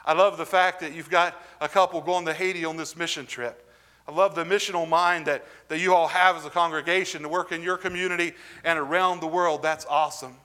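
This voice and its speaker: A middle-aged male pastor preaching a sermon, earnest and emphatic, slowing down to read scripture and verse. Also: a little high, fairly even intonation, pushed and bright.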